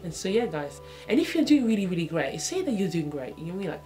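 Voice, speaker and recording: A woman's voice: lowish voice, big pitch swings, fast talker, warm tone, soft background music. A young woman in her twenties talking casually to her viewers in a reflective, chatty way, often asking "you know what I mean" and acting out small exchanges in changed voices. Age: 20s. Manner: acts out little dialogues in changed voices. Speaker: vlogger. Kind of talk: casual talk to camera.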